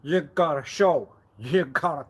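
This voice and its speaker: A man rambling on a live stream, repeating himself and swinging suddenly between loud and quiet. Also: a little high, unhurried, breathy edge. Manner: erratic, repetitive, with sudden swings in loudness. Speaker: livestreamer.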